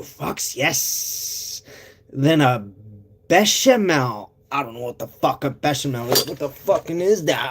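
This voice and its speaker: Man, casual streamer, profane and rambling, coughs through his chat, middle pitch. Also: animated, a little slow.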